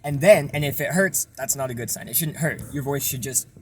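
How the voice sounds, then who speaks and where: A young man casually explaining a vocal technique in a relaxed, rambling way with lots of fillers. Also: mid-range voice, brisk, background noise. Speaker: self-taught vocal tutorial maker.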